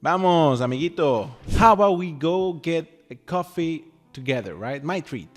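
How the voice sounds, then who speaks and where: A man's voice: a little high, normal speed, faint music behind. A man whose first language is Spanish, teaching a language lesson in a playful, chatty way and checking in with the listener often. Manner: animated, playful, chatty with frequent "okay?" check-ins. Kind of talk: lively scripted language lesson.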